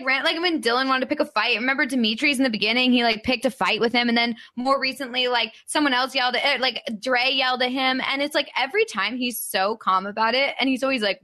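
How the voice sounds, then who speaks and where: A woman's voice: sits high, a little fast, hardly any pauses, sharp tone. A young woman guesting on a recap podcast, chatty and full of fillers, often quoting others. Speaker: podcast guest, former player. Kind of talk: casual recap chat.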